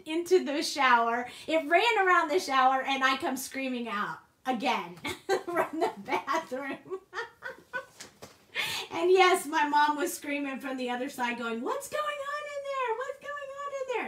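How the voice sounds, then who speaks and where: Woman craft host, bubbly storyteller, higher voice, echoey room. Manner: animated, laughs often, acts out quoted voices. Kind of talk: casual storytelling while crafting.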